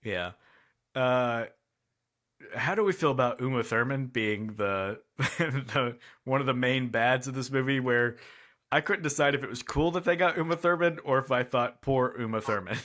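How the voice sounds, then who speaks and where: A man co-hosting a casual movie review chat, speaking in a thoughtful, hedging way with frequent pauses and fillers. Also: medium pitch, fairly bright tone. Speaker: podcast co-host.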